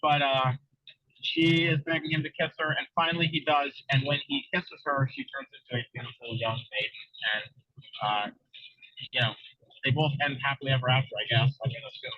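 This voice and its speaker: A man's voice: mid-range voice, steady tone, a little fast, no echo. A man hosting a casual podcast chat, telling a story in a loose way with many fillers, in a dull lo-fi recording. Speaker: podcast host.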